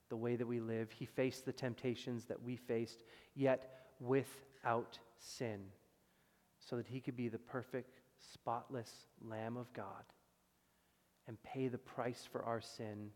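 A man preaching a sermon as pastor, with emphatic loud stresses that drop to quiet, low passages. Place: church sanctuary. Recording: long reverb of a church hall.

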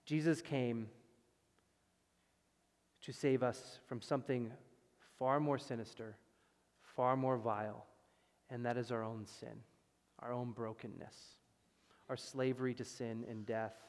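A man's voice: medium pitch, fairly even intonation, unhurried, pauses often. Emphatic male preacher in a reverberant church. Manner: emphatic, swings from loud stresses to quiet drops. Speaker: pastor. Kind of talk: sermon. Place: church sanctuary. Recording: long reverb of a church hall.

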